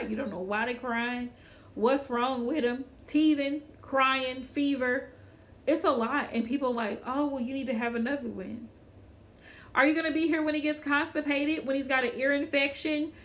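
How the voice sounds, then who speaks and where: A woman hosts a relaxed livestream chat and speaks to her viewers by name. Her voice sits high and her pace is slow and easy. She repeats lines for effect and laughs often. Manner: chatty, animated, laughs often, repeats phrases. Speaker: livestream host. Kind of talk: casual chat with live viewers.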